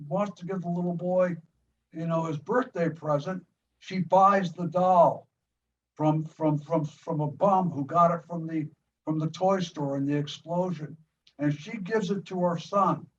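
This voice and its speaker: Here an older man from the US, a filmmaker, is interviewed about making a film and narrates it in animated detail. His fairly high voice keeps breaking off to restart, words repeating, and the sound is muffled and distant with faint hiss.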